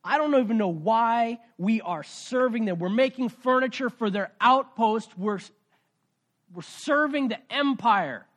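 A man's voice: extremely high pitch, measured pace, a bit bright. A man playing a frustrated young man who is fed up with his work. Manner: exasperated outburst.

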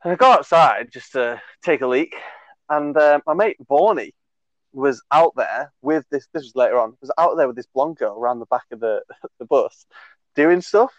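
A man's voice: mid-range voice, lively intonation, normal speed, no room sound, dull audio. A young man in his twenties telling a long, rambling story on a podcast, laughing and swearing as he goes, full of fillers. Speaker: podcast co-host. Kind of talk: casual storytelling chat.

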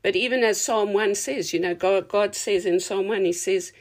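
A woman's voice: mid-range voice, moderate pace. A woman preaching a sermon in an earnest, reflective teaching tone.

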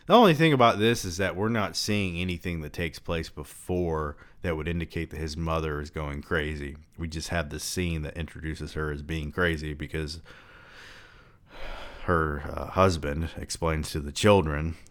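A man reading a novel aloud and breaking off for relaxed commentary with swearing asides. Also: extremely low pitch, moderate pace. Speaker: reader and book commentator.

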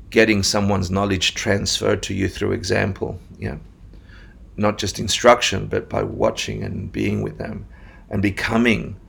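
A man's voice: lowish voice, gravelly, a bit bright, slightly rough. A man from Buenos Aires, Argentina, telling his life story as a guest in a candid, self-deprecating way with frequent restarts. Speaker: Buddhist teacher, guest. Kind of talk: conversational storytelling.

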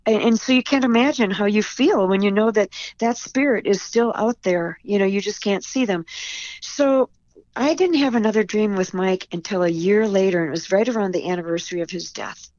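A woman's voice: mid-range voice, a little fast, a little mellow, no echo, lo-fi sound. A woman author, a podcast guest, telling a personal story in an earnest, emotional way with frequent restarts. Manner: tearful and earnest, with repeated restarts.

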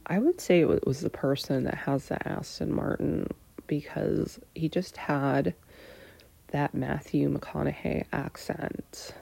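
A woman in her thirties candidly answering personal questions, hesitant and full of pauses, sometimes dropping into a breathy near-whisper. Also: low voice, warm tone, dry recording.

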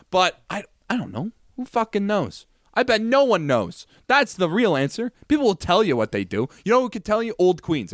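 Slangy, joking young man with lively pitch. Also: dry recording, clean studio sound. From Canada. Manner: joking, laughs often, slangy. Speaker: podcast co-host. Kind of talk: casual comedic chat.

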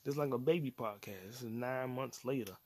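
This solo podcast comes from a man in his late twenties with a mid-range voice who talks a little fast. He rants casually and aimlessly, swearing freely and using plenty of slang.

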